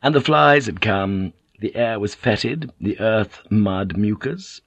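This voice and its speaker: A man narrating an audiobook in a measured, even manner. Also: on the low side, husky, dry recording, muffled recording. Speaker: audiobook reader. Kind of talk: scripted narration.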